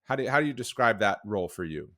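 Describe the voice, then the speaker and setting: A man's voice: on the low side, animated, fast, sharp tone, no echo, studio quality. A man hosting an interview podcast, asking long, wandering questions. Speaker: podcast host.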